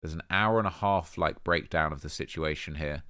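A man hosting a rap commentary show, talking casually in slang with animated emphasis and lots of fillers. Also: very deep voice, moderate pace, no echo, studio quality. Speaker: host of a rap commentary channel.

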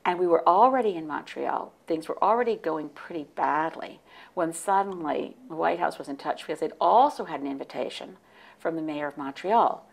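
Low, gravelly older woman telling stories. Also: moderate pace. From United States. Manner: lively anecdotal telling with restarts and self-interruptions. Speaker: interview guest. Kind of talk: casual interview storytelling.

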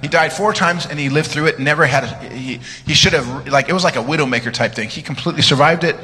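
Guy preaching in a church, bright forceful voice, jokey stories, yells now and then, long echo with music under it. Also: on the high side, fast. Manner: animated storytelling with joking asides and shouted commands. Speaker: guest preacher. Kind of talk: sermon. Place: church sanctuary. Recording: live church sermon, reverberant hall, music underneath.

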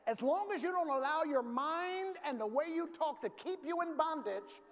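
A male pastor from the preaching a sermon in a large church, calling for responses and rising to shouts. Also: very high voice, animated, moderate pace. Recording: reverberant hall, faint ambience.

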